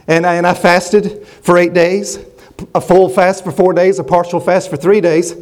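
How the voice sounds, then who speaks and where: A man's voice: sits high, little pitch movement, normal speed, a little mellow. A middle-aged man preaching a sermon, emphatic and repetitive, often restarting his words.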